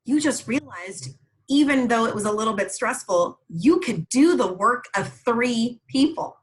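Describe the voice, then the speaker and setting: A woman's voice: on the high side, animated, unhurried, poor audio. A woman hosting a group coaching call, speaking in an encouraging, reflective way. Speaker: host.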